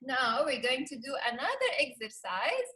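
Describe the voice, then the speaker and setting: A woman's voice: high voice, very animated, normal speed, sharp tone, rough recording. A woman leading a laughter yoga session over a video call, cheerful, laughing often and calling out "yay". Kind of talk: live webinar instruction.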